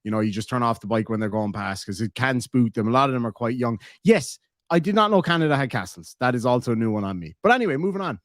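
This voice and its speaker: An Irish casual streamer talks fast in a mid-range voice with lively intonation, recorded on a dry close mic with no echo. Reading chat, he rambles through stories and swears freely.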